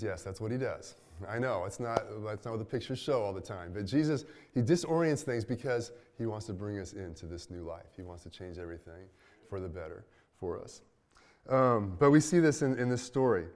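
Man preaching an easygoing sermon. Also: fairly low pitch. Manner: conversational, many restarts, dips quiet at line ends. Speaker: pastor.

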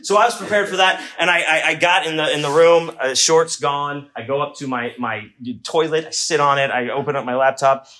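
A middle-aged man from Houston, Texas, tells a comic story to an audience in a loose, self-mocking, conversational way. His voice sits on the high side and moves fairly quickly with hardly any pauses, and he acts out shouts in quoted voices. The room is echoey.

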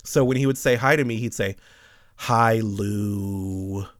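A man's voice: medium pitch, fast talker, dry recording, clean studio sound. A man casually telling a funny workplace story, swearing often and laughing. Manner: profane, animated, laughs often. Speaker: podcast host telling a story.

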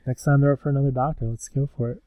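A man's voice: mid-range voice, steady tone, mellow, dry recording. A young American man hosting a podcast, chatting casually and joking, with frequent "um" fillers. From United States. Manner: joking, fills pauses with "um". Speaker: podcast host.

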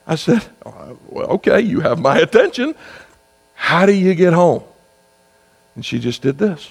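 A man's voice: fairly high pitch, sing-song, a little slow, vocal fry, pauses often. A man, preaching a sermon in a conversational storytelling style that builds to fervent exhortation. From South Carolina. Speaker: pastor. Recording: long reverb with mains hum.

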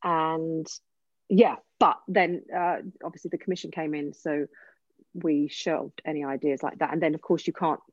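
A woman from Essex with an Essex accent, an actor and voice coach chatting casually, animated and often breaking off mid-sentence. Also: sits low, moderate pace, no echo, highs cut off. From Essex, England. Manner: animated, self-interrupting, laughing storyteller. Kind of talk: casual conversation.

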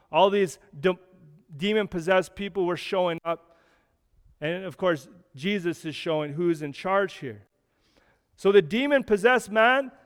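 A man's voice: high-pitched, clean tone, big-room sound. A man preaching a sermon as a pastor, explaining scripture in a conversational way with frequent restarts.

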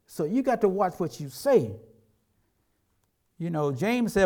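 A middle-aged male pastor preaching in a loose, conversational way. His voice sits a little high for a man, and he slips into acted-out quotes from everyday life as he talks. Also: sing-song, a little slow, long pauses, warm tone. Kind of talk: sermon.

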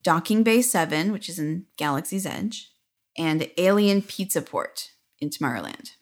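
A woman's voice: on the low side, expressive, moderate pace. A woman co-hosting a podcast, telling stories in a chatty way with many fillers and giggles. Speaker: podcast co-host. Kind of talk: casual chat.

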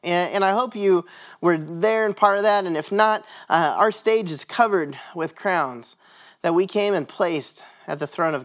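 A man's voice: high voice, fairly bright tone. A man, a pastor, giving a sermon in church, telling a story in a conversational way.

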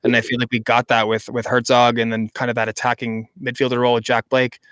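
A man's voice: medium pitch, monotone, fast, fairly bright tone, smooth, no room sound. A man co-hosting a casual podcast, talking enthusiastically and rambling with restarts. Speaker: podcast co-host. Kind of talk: casual chat.

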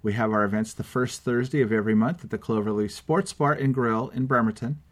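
A man's voice: medium pitch, fairly even intonation, fairly quick. A man hosting a storytelling podcast, steadily reading out event announcements. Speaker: podcast host.

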